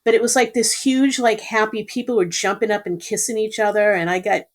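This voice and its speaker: A middle-aged woman, a podcast guest telling rambling, animated stories in casual conversation. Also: medium pitch, fairly quick. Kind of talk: casual storytelling.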